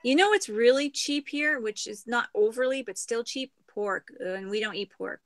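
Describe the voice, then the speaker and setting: A middle-aged woman from Canada chatting casually on a craft livestream, meandering and trailing off into soft murmurs. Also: a little high, animated, normal speed, no echo.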